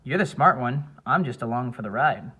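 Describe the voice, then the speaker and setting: A man voicing a witty young mother who speaks in a soft, gently correcting way in an audiobook. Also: medium pitch, lively intonation, moderate pace, breathy edge. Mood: teasing. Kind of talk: audiobook character voice.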